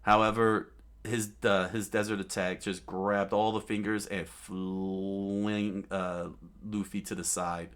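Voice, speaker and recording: Man reading a comic aloud, casual, halting, low voice, slow pace. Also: level tone, a bit bright, clear, resonant tone. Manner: halting, many fillers and restarts, amused. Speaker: comic reader.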